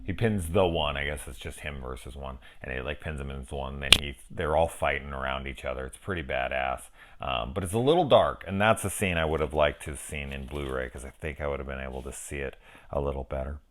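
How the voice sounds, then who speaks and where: A man in his forties, a film reviewer, talks about a movie in a casual, enthusiastic monologue, rambling, restarting and swearing along the way. His bass voice moves at a quick pace with a fairly bright tone. There's a slight hiss or hum in the recording.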